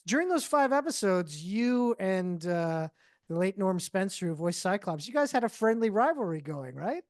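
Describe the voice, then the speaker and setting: A podcast host asking casual interview questions, laughing along and agreeing briefly. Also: male voice, sits high, very animated, moderate pace, no room sound, clean studio sound.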